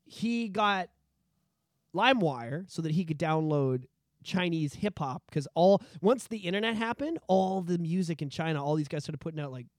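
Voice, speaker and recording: A man in his thirties from Canada rambles through casual podcast banter in profane, joking rants. His voice sits high for a man, and the sound is dry and close. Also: lively intonation, normal speed, no echo. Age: 30s. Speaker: podcast co-host.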